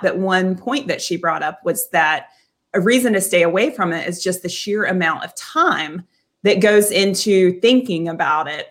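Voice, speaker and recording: A woman's voice: mid-range voice, fairly bright tone. Earnest woman co-hosting a faith podcast. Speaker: podcast co-host. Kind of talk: casual Christian podcast discussion.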